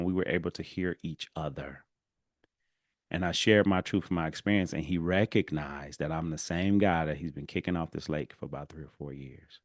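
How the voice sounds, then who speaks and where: A man hosting a solo podcast, telling a personal story with animated swings and quiet, low drops for emphasis. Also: no room sound, studio quality. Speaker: podcast host.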